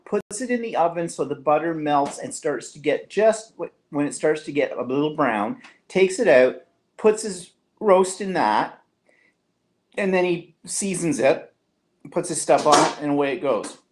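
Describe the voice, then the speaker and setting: A man's voice: on the high side, animated, measured pace. A man from Canada, co-hosting a live online show in casual, teasing chat and reading viewer comments aloud.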